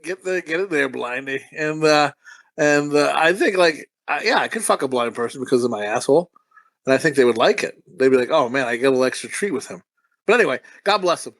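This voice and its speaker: A man's voice: fairly high pitch, expressive, brisk, a bit bright, dry recording. A man co-hosting a comedy podcast, chatting crudely about a movie in a rambling, vulgar, self-amused way. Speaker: podcast co-host.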